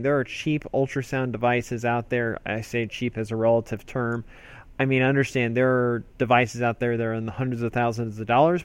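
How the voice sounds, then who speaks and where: An emergency physician teaches a medical procedure in a spoken lesson, explaining things conversationally with fillers and restarts. His mid-range voice is recorded dry.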